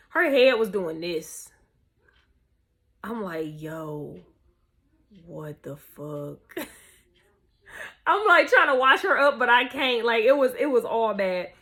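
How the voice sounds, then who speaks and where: A young woman telling a story to camera in a casual, animated, profane way, full of slang. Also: fairly high pitch. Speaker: vlogger.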